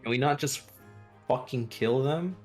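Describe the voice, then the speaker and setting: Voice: medium pitch, a little slow, over music. A tabletop game player, blunt and sarcastic, arguing with a teammate and swearing. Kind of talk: casual chat during a tabletop game.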